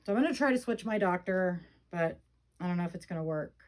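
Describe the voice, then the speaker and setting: A middle-aged woman talking casually to her viewers in a slightly low voice. She rambles with plenty of fillers, venting her frustration before softening into fond, cooing remarks. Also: expressive, fast talker, poor audio. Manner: rambling, frustrated venting, fond baby talk about the dolls. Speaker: reborn doll vlogger. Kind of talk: casual chat.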